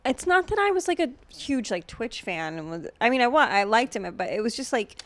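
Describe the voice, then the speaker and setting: A woman's voice: on the high side, very animated, brisk, no room sound. A woman hosting a podcast in a casual chat, sarcastic and profane, with lots of filler words. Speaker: podcast host.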